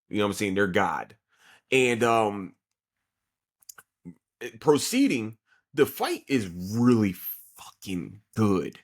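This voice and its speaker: A man hosting a podcast, casually reviewing an anime with a profane, excitable retelling full of fillers. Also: lowish voice, slow pace, long pauses. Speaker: podcast host.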